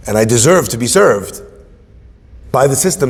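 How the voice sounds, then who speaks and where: A man's voice: medium pitch, normal speed, long pauses, husky, big-room sound. A man, a rabbi, telling a personal story in sermon style and acting out the dialogue. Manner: animated, acts out dialogue in quotes.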